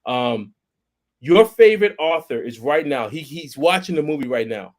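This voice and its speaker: A man's voice: fairly high pitch, normal speed. A man on a casual podcast, telling a story with lots of restarts and quoted voices. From Boston, United States. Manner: animated, repeats words and restarts, acts out quoted voices. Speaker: podcast co-host.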